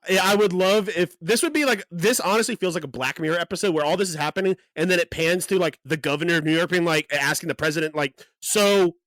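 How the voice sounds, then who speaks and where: Man, podcast co-host, slightly high voice, dry sound, laughs a lot. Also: quick pace, few pauses, fairly bright tone, no room sound. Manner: laughing, riffing on jokes. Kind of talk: casual chat.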